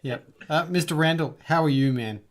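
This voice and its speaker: A man's voice: fairly high pitch, moderate pace. A man hosting a casual chat show, laid-back and filling gaps with "uh". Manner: laid-back, with many filler "uh"s. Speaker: podcast host.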